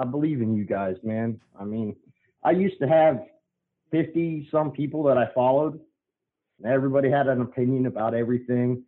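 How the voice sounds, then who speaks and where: A man calling in to a talk show, rambling in an earnest, folksy way. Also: medium pitch. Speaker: caller. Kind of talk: casual call-in chat. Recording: phone-line call.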